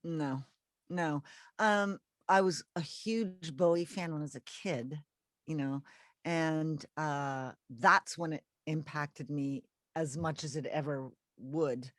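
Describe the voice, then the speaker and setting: A woman's voice: low-pitched, takes it slowly, no room sound. A woman from Canada, a singer and guest, chatting casually and laughing over a video call. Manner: laughing, chatty, self-deprecating.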